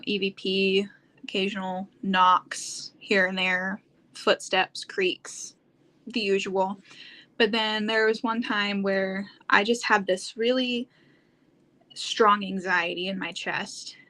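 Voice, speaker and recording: A woman's voice: mid-range voice, sharp tone. A young woman, a paranormal investigator guest, chatting casually and laughing often as she tells stories. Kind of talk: casual interview storytelling.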